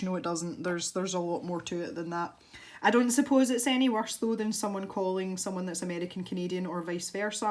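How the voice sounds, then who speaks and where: A Scottish woman chatting casually to viewers as she colours in her art channel video, rambling and breaking off into little laughs. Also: on the low side. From Scotland. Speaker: art YouTuber. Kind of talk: casual chat while colouring.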